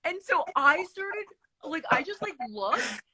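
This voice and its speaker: A woman's voice: very high voice, very animated, takes it slowly, background noise. A woman in her twenties from Canada, co-hosting a casual podcast chat and telling a story through frequent laughter. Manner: giggly, storytelling, laughs often. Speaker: podcast co-host.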